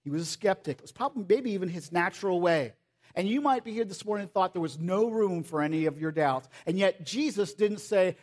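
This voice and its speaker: Man, sermon, animated preacher, acts out quotes, soft pleading drops, slightly high voice. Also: a little fast. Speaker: pastor.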